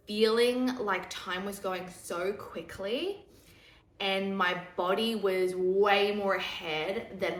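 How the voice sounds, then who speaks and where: A young woman, pregnant, chatting casually and candidly to camera, laughing easily and dropping into a hushed voice for asides. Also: medium pitch. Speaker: vlogger. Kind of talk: casual pregnancy update chat. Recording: echoey room.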